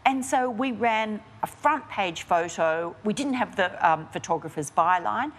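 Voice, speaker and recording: A woman's voice: medium pitch, unhurried. A woman, a journalist answering interview questions frankly and animatedly. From Australia. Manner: frank and animated, with frequent restarts and fillers. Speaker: investigative journalist, guest. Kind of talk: candid conversational interview answers.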